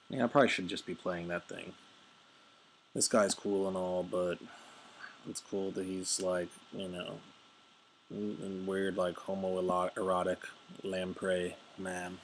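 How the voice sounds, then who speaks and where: Brief: casual game commentator, male, very low gravelly voice, rambling and jokey. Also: little pitch movement, takes it slowly, slight background noise. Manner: rambling, jokey, many fillers and asides.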